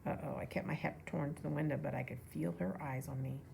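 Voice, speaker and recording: Woman reader, low gravelly voice, relaxed storybook reading with asides. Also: brisk, slight background noise. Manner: relaxed, with casual asides to listeners. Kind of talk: reading a children's novel aloud.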